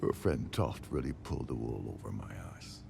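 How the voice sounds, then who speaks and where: A man's voice: rumbling low, lively intonation, gravelly, noisy background, exaggerated voice. An actor playing a sardonic older man, a jailed former ship captain, in game dialogue. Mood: wry resigned. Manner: wry, sardonic, measured. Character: older male jailed ex-captain, dry and resigned.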